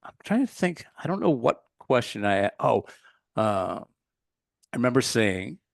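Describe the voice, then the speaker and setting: A man's voice: mid-range voice, sing-song, unhurried, gravelly, no room sound, clean studio sound. A man who teaches meditation, a podcast guest telling an earnest personal story in casual talk and searching for the right words.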